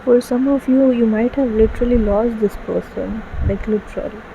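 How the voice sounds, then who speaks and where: A woman's voice: a little high, steady tone, moderate pace, gravelly, dark tone, a little hiss or hum, low-quality recording. A woman giving an emotional tarot reading, gushing and full of fillers, tearful at times. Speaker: tarot card reader. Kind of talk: casual tarot reading monologue.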